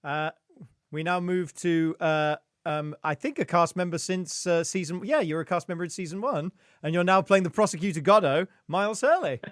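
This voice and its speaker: A man's voice: high-pitched, normal speed, no room sound, clean studio sound. A man hosting a casual video stream, introducing guests loosely with fillers and the odd swear. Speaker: host. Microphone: video call.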